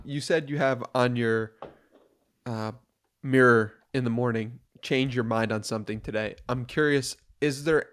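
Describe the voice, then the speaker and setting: A male podcast host at a middling pitch puts curious follow-up questions to his guest. He speaks in a measured way and pauses on small fillers while he gathers his thought. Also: smooth. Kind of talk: casual podcast interview.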